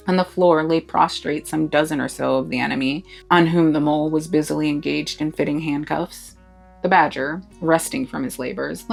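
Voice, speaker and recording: A woman reading a classic novel aloud with expressive narration. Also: low voice, vocal fry, breathy edge, rough recording. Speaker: storybook reader.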